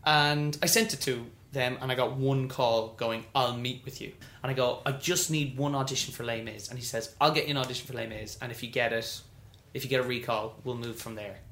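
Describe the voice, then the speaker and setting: A man spins a lively story as a podcast guest, acting out quoted lines in high, bright voices. His tone is bright and forceful. The room gives a clear echo. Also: fairly quick, few pauses. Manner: animated, acts out quoted voices. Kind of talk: storytelling interview.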